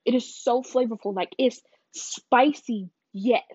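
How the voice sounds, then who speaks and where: A woman's voice: a little high, measured pace, dark tone, husky, no echo, muffled recording. A young woman from the southern United States, chatting casually while cooking, rambling with playful asides. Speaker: cooking vlogger. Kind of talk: casual cooking chat to camera.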